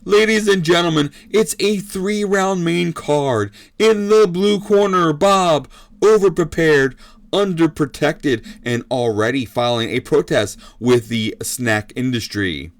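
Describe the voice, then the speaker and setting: A man doing a booming fight-night ring announcer. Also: takes it slowly, dry recording. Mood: hyped. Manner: booming, punchy play-by-play calls. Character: hyped male boxing ring announcer and commentator. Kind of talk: mock fight commentary.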